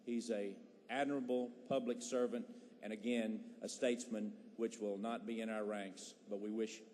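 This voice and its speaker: A man's voice: fairly low pitch, little pitch movement, normal speed, darkish tone. A male legislator gives a hesitant tribute speech full of fillers on the floor of a large chamber. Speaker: state legislator. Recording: faint noise, long hall reverb.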